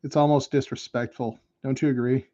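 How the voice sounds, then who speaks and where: An American man chats on a hobby livestream, musing aloud and poking fun at himself while he works. His voice is mellow and relaxed, at an average pitch. The stream audio is dull and lo-fi. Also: brisk. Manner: self-deprecating, chatty, musing aloud while working. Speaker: streamer painting miniatures. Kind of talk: casual livestream chat.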